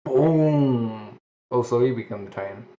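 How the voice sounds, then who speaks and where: Uomo medio, lettura casual di manga con commenti ed effetti sonori a voce, audio spento e lo-fi. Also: male voice, medium pitch, unhurried, warm tone. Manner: reacts with huh and voiced sound effects. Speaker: manga reader.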